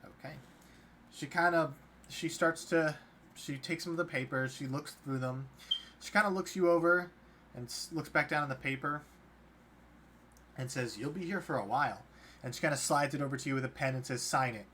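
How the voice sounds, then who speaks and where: A man's voice: fairly high pitch, moderate pace, long pauses, a bit bright. A man running a tabletop game as dungeon master, narrating loosely with many fillers and restarts. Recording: faint background noise.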